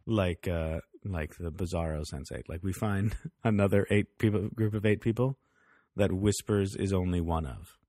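This podcast co-host has a low, mellow voice at a moderate pace, captured in studio quality with no echo. He's casually reviewing a TV show, frequently laughing and performing characters' lines.

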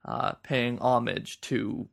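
A man's voice: mid-range voice, fairly even intonation, takes it slowly, gravelly. A man co-hosting a podcast, talking about films thoughtfully and stammering as he starts his sentences. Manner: stammers on openings, thoughtful and explanatory. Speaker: podcast co-host. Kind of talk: casual film chat.

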